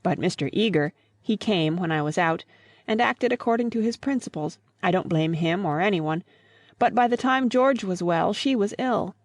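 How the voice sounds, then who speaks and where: A woman reading a gentle grieving old father in an audiobook, earnest and pleading, in a mid-pitched voice with a dry, close sound and no room echo. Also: animated, moderate pace, lightly acted.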